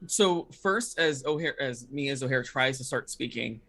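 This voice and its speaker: A man's voice: medium pitch, animated, moderate pace, pushed and bright. A man playing a tabletop role-playing game, speaking in character in a hesitant, stammering way. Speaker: player.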